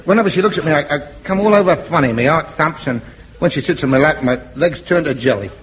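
A man's voice: fairly high pitch, animated, fast, a bit bright, a little hiss or hum. An actor playing a lovesick, bashful man who gushes in a mock-lyrical way in an old radio comedy. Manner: mock-lyrical, sentimental gushing. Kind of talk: 1950s radio comedy acting. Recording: dull old radio broadcast with audience.

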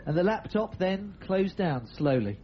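Man, radio comedy host, playful laughing delivery, high voice, muffled lo-fi sound, steady hiss. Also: a little slow. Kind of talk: jokey comic radio patter.

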